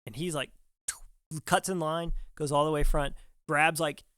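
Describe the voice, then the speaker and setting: Young guy telling a wild story on a podcast, kinda high voice, does little voices for what people said, dry close sound. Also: steady tone, fairly bright tone, clear, resonant tone, no room sound. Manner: acts out other people's words in quick quoted bits. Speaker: podcast guest, firefighter. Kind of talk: animated storytelling in casual conversation.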